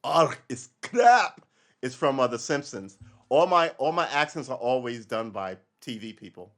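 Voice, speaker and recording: A man's voice: medium pitch, normal speed, a bit bright. A man hosting a casual live-stream podcast, ranting in a rambling, wry way that wanders off on tangents. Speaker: podcast host.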